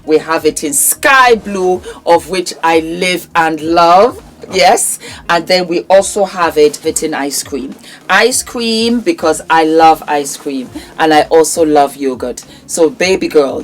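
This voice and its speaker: A woman's voice: fairly low pitch, slight background noise. A woman with a Nigerian accent presenting products in a chatty vlog, effusive and fond of calling viewers "my darling".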